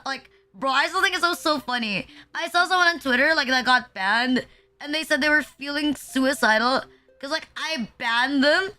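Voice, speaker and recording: A woman's voice: high-pitched, normal speed, sharp tone, soft background music. A young woman from the Philippines, chatting casually on a live stream in a rambling, self-deprecating way full of "like" fillers. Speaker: VTuber streamer.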